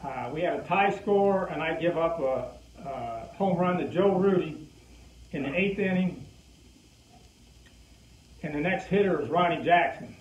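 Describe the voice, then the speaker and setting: An older man spins a story from his playing days, slipping into the voices of the people he quotes. His voice sits a little high, and it comes from some way off the mic in a roomy, echoing space. The recording sounds dull and muffled. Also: a little slow, long pauses, a little hiss or hum. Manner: lively storyteller acting out quoted lines. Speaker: former pitcher telling a story. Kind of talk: anecdotal storytelling. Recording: distant echoey muffled recording.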